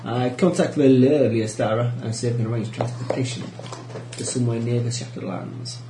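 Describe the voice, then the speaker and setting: A man's voice: mid-range voice, brisk. Chatty man at a gaming table. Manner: chatty, animated storyteller. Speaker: player. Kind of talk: casual table chat. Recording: roomy with faint noise.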